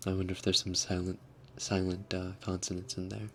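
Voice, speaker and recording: A young man hosting an ASMR livestream, reading chat in a soft, often whispered voice and chuckling as he tries out foreign words. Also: low-pitched, level tone, fast talker, a little hiss or hum. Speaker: livestream host.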